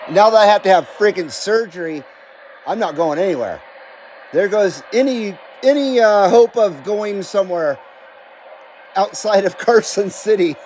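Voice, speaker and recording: A man's voice: high-pitched, animated, normal speed, darkish tone, a little hiss or hum. An American man hosting a CB radio livestream from his home radio room, chatting casually, reading viewer comments aloud and swearing now and then.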